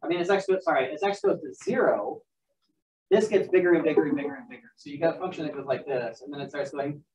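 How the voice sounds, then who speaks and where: A fast-talking man with a voice on the high side and a darkish tone gives a casual math lecture. He wanders off with joking asides and restarts as he works through sums, and the classroom recording is dull and distant.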